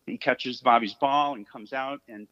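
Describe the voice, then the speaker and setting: A man in his sixties, a podcast guest, telling a long personal anecdote in a chatty, animated way. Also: mid-range voice, measured pace, lo-fi sound. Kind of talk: casual storytelling on a call.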